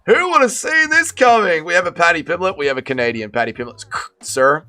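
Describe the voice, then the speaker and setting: A young man hosts a casual livestream, reacting to a fight and reading out chat with loud excited bursts and low muttered asides. His voice sits fairly high and bright, leaping all over the place. Faint music plays behind him. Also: a little fast. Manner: excitable, swears often, swings between shouting and mumbling.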